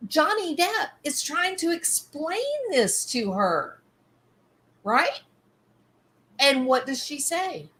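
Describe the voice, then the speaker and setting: A woman's voice: high-pitched, big pitch swings, slow pace, pushed and bright. A woman giving emphatic commentary, sometimes acting out quoted lines.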